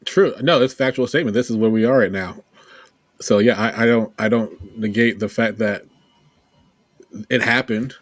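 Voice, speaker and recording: A man co-hosting a casual podcast, speaking earnestly and emphatically as he pitches the show to listeners. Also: normal speed, long pauses, no echo. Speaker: podcast co-host. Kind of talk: casual chat.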